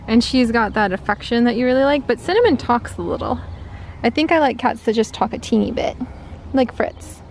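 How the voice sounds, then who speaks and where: A woman's voice: a little high, a little fast, a little mellow, slight background noise. Bubbly chatty woman vlogger. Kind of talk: casual vlog chat to camera. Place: outdoors at home, then indoors.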